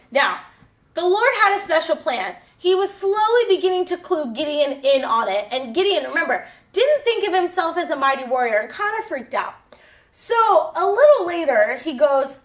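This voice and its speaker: A woman's voice: high-pitched, very animated, moderate pace. A woman retelling a Bible story for children in a casual, rambling way, with lots of fillers and self-corrections.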